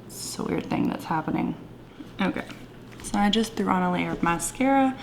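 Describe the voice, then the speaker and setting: A woman talking through her makeup in a casual, gushing vlog, with a playful put-on Southern twang and soft whispered asides. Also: fairly low pitch, expressive, normal speed, creaky, a little hiss or hum. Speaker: beauty vlogger. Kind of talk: casual makeup tutorial chat.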